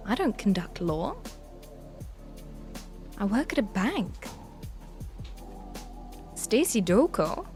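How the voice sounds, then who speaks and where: A prim, self-important evil twin, as a woman streamer puts her on, full of theatrical, old-fashioned turns of phrase. Her voice sits fairly high, and she takes her time, drawing the words out slowly. She chats through a live stream with her own smug flourish. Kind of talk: live stream character chat.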